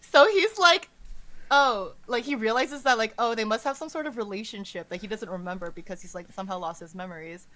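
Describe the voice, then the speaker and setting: A woman podcast host casually retelling a story's plot in a rambling, animated way, saying "like" all the time. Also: a little high, brisk. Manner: rambling and animated, says "like" constantly.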